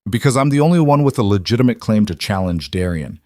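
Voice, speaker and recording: A man's voice: fairly low pitch, expressive, fast talker, darkish tone, no room sound, studio quality, natural voice. A man voicing a defiant young female wolf-shifter leader in an audiobook, level and firm. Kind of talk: audiobook character reading.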